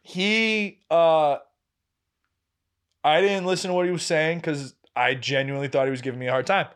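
A man's voice: a little high, normal speed, clean tone. A young man, a podcast co-host, telling a story in casual chat, acting out what others said and swearing freely. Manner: animated, acts out quoted voices, laughs and swears freely.

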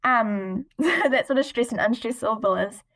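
A teenage girl with a fairly high voice talks about her writing as a podcast guest. She sounds polite and earnest and giggles now and then. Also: lively intonation, moderate pace, fairly bright tone. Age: teens. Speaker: guest, young poet. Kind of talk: casual interview chat.

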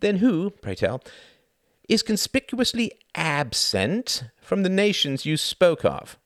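Man voicing a cynical aging lord, sardonic slow drawl, swooping pitch, gravelly edge. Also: sing-song, fairly bright tone, no echo, studio quality, full character voice. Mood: weary cynical. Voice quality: sardonic, world-weary drawl. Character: weary older aristocratic British diplomat, cynical.

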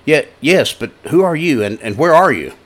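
Guy doing a scared stammering dude stuck on a cliff, high and loud, begging for help. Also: sing-song, normal speed. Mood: pleading. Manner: stammering, yelling frantically for help. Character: panicked man dangling from a cliff.

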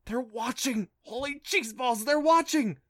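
A man voicing a nervous, excitable young girl with a squeaky voice, in an audiobook reading. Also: normal speed. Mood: panicked. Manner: squeaky, jittery.

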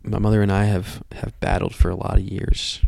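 Young man giving heartfelt testimony, fry in the voice, stumbles and repeats himself. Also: deep voice, little pitch movement, a little mellow, no echo. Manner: earnest, halting, repeats words. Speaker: podcast host. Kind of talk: personal testimony.

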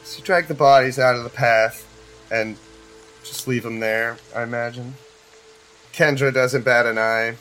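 A man narrating a tabletop game as game master in a relaxed, casual way. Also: mid-range voice, measured pace, faint music behind, poor audio.

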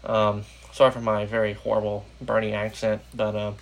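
A man's voice: fairly low pitch, completely flat delivery, moderate pace, vocal fry. A young American man hosting a casual political podcast, rambling with lots of fillers. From United States. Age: young adult. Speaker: podcast host.

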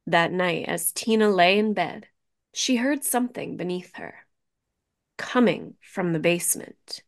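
Woman, slow suspenseful narration, slight vocal fry, mid pitch. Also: no room sound, studio quality. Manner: atmospheric, drops to a hush for suspense. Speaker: co-host. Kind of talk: scripted storytelling narration.

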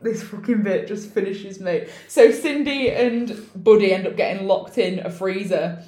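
A woman's voice: medium pitch, a little slow. A woman chatting casually, retelling a film scene by scene and laughing as she acts out characters' lines. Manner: animated, laughing often, acting out characters' lines. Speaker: podcast co-host recapping a film. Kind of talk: casual chat. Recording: roomy echo.

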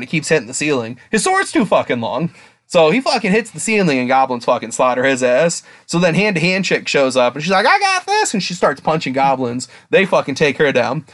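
An excitable man co-hosts a casual podcast, his voice sitting a bit high for a man. He swears freely and jumps up into quoted voices. The recording is dry and close. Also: no echo. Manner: excitable, swears a lot, acts out quotes in a higher voice. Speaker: podcast co-host.

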